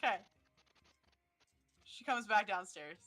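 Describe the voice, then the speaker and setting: A woman's voice: mid-range voice, lively intonation, takes it slowly, a bit bright. A woman playing a tabletop game, giggly and descriptive as she narrates her character. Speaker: player. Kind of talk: casual tabletop play.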